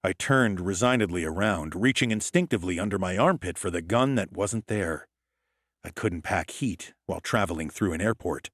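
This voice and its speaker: Male audiobook narrator, low voice, wry hardboiled tone, dry close sound. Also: expressive, normal speed, fairly bright tone, no echo. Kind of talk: scripted first-person narration.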